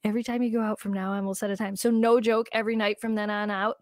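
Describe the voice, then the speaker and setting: A woman co-hosting a podcast, telling a story in casual chat, animated and laughing often as she acts out what people said. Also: mid-range voice, fast, dry recording. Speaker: podcast co-host.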